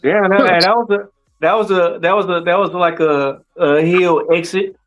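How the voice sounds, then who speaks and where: Laid-back wrestling-podcast co-host, high voice, easy laughing banter. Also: male voice, fairly even intonation, normal speed, a bit bright, lo-fi sound, faint music behind. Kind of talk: casual wrestling chat.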